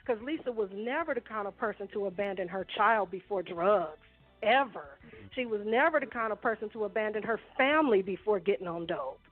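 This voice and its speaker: A woman guest telling lively family stories on a call-in radio show, acting out her relatives' voices as she goes. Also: medium pitch, fairly quick, faint music behind. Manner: animated storyteller, mimics family voices. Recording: tinny phone line.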